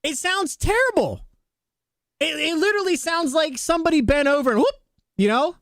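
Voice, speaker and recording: A man's voice: very high voice, lively intonation, normal speed, fairly bright tone, no echo, studio quality. A young man livestreaming a game, ranting emphatically in casual slang to his chat. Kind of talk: casual gaming stream chat.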